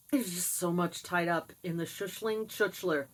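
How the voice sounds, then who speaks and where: An older woman telling a personal story in a casual, candid way, with animated asides and laughs. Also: lowish voice, low-quality recording. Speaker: vlogger sharing personal experience.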